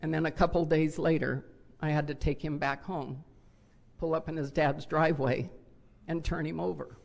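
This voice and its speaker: A woman's voice: deep voice, fairly even intonation, moderate pace, gravelly, a little mellow. An older woman sharing her personal story at a recovery convention, talking in a candid, heartfelt way. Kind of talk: personal share talk. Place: hotel convention ballroom.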